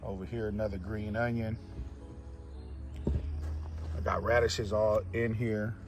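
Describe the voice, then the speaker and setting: A man casually walking viewers through his home garden, chatty and relaxed, calling them y'all. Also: on the low side, slow pace. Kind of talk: casual walk-through narration. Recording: music playing clearly behind the voice.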